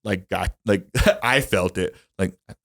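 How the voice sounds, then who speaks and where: A man's voice: low-pitched, takes it slowly, vocal fry, fairly bright tone, no echo, clean studio sound. A young man hosting a podcast, telling a personal story in casual chat, full of fillers, restarts and the odd swear word. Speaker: podcast host.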